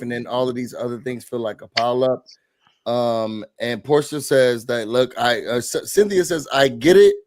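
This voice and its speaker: A man's voice: medium pitch, darkish tone. A man hosting a live recap, reading out viewer comments and retelling scenes in a laid-back way.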